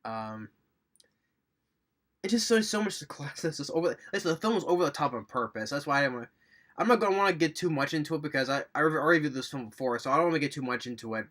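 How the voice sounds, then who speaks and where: Bright-voiced man rambling through a film review. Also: on the high side, expressive, fast talker. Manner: rambling, enthusiastic recap with chuckles. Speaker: movie reviewer. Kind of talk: casual movie review.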